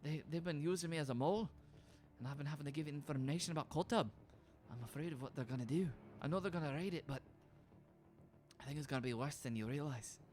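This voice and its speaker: A woman's voice: medium pitch, fairly quick, hardly any pauses, voice pushed up, close to an everyday voice. A man voicing a frightened young woman who pleads to be rescued, in a tabletop game. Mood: pleading. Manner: anxious, pleading.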